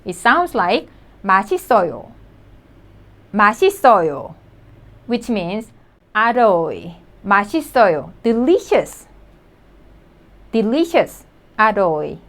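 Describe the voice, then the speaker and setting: A woman teaching in an online lesson, slowly explaining words and repeating examples for her students. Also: mid-range voice, sing-song. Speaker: Korean language teacher.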